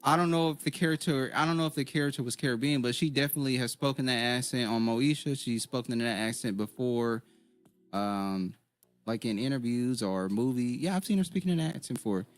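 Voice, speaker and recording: A man's voice: medium pitch, a little fast, soft background music. A man co-hosting a podcast, chatting casually and joking with his co-host. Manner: joking, chatty, reacts with laughs. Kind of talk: casual chat.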